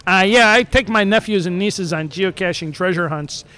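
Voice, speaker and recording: A man's voice: high voice, moderate pace, bright, forceful tone. A man hosting a talk show, reading a news story aloud with jokey made-up asides and frequent stumbles over words.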